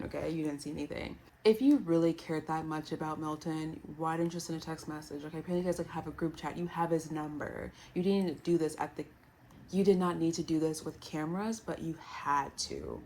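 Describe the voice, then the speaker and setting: Low-voiced woman doing a chatty recap. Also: slight background noise. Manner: animated, playful, quotes others in put-on voices. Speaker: reality TV recap vlogger.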